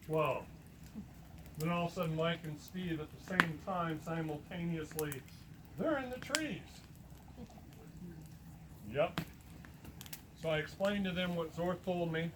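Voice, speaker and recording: Storytelling man over a noisy background. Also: fairly high pitch. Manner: animated storyteller, acts out quoted voices. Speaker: guest speaker. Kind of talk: storytelling talk.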